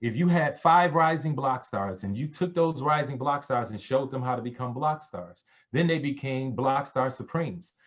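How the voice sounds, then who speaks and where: A man giving a sales pitch on a conference call, preachy, calling his listeners family. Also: animated, normal speed, hardly any pauses. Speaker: presenter on a business call. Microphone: conference call line. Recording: dull lo-fi call audio.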